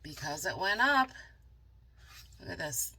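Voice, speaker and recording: A woman reading a picture book aloud as a channel host, dramatic and animated, stopping for chatty asides to viewers. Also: on the low side, unhurried, creaky, slight background noise. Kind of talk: storybook read-aloud with asides.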